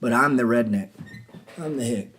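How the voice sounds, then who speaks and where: A man hosting a trading show, delivering a heated casual rant full of profanity, mockery and rapid rhetorical questions. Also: mid-range voice, a bit bright.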